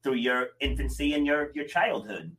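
A man's voice: medium pitch, normal speed, a bit bright. A middle-aged man in casual conversation, a coach who tells stories about his kids with acted quotes and frequent laughs. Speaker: coach with clients.

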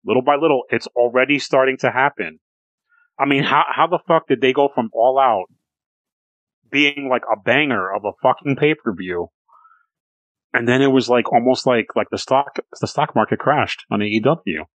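A man's voice: medium pitch, normal speed, a bit bright, no echo, muffled recording. A man co-hosting a podcast, chatting casually about pro wrestling, rambling with restarts and swearing freely. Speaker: podcast co-host.

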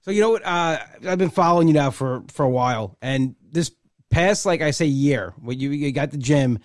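A man's voice: fairly high pitch, moderate pace, no room sound, clean studio sound. A man with a Long Island accent hosting a podcast in casual chat, laughing often and trailing off mid-sentence. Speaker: podcast host.

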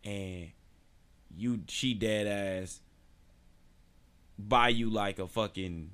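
On his own podcast, a man rants casually in a loose storytelling style full of slang and profanity. His voice is lowish, smooth, and fairly bright in tone, and he speaks very slowly.

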